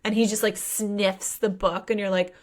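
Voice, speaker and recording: A woman's voice: medium pitch, flat delivery, moderate pace. A woman co-hosting a book podcast, recapping a novel in casual chat and playfully acting out the characters' lines with a laugh in her voice.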